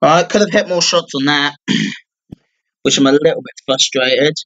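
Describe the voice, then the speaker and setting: A young man giving live commentary on his own gameplay, clearing his throat often and breaking into excited outbursts. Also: on the high side, a little slow, dull audio. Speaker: gamer streamer.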